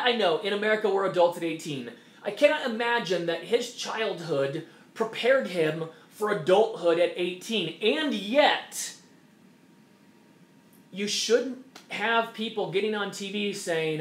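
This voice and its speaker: A man's voice: sits high, animated, unhurried, a bit bright. A man hosting an opinion monologue, talking emphatically and repeating his points. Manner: emphatic, repetitive, mocking quoted voices. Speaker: host. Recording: echoey room.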